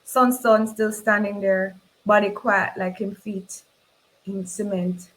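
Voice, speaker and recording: A woman with a Jamaican accent reading a novel aloud in first person, expressive and dramatic. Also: mid-range voice, slow, rough recording. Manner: expressive, voices the characters in dialogue. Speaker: reader.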